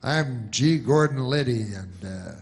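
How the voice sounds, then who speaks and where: A man voicing a loud, pushy male TV pitchman who is selling gold. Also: lively intonation, measured pace. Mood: hard-selling.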